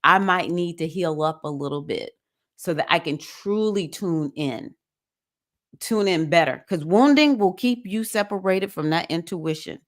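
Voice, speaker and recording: A woman's voice: on the low side, unhurried. A woman hosts a live-streamed spiritual circle in a casual, heartfelt way. She talks straight to her listeners and often acts out quoted lines. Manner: casual, conversational, animated with acted-out quotes. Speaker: host of a women's spiritual circle. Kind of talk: live-stream motivational talk.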